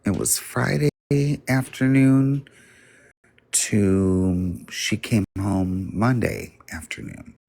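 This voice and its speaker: A man's voice: on the low side, very slow, creaky, a little mellow, no room sound. A man telling a personal story on a livestream in a blunt, profane, casual way.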